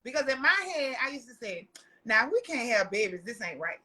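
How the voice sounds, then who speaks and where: A woman tells stories as a podcast guest. Her voice sits high and sounds bright and forceful. She talks loudly and animatedly, swearing freely and breaking into laughter. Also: fairly quick, husky. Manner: loud, animated and profane, laughing often. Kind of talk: casual storytelling chat.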